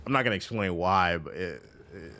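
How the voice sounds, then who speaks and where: Male streamer, casual and profane chatter over gameplay, very lively pitch. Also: a little fast. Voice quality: profane, loose and animated. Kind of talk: casual chat while gaming on stream.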